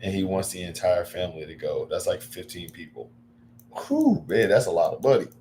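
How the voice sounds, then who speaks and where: A man chatting casually on a livestream, rambling with lots of fillers and breaking into excited bursts. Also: low-pitched, fairly quick, a little hiss or hum.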